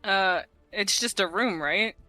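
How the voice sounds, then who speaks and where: A woman plays a tabletop game in a bright, crisp voice. She talks casually and bluntly and fills her speech with "like.". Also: medium pitch, slow, faint music behind. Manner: casual, blunt, with many likes. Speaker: player.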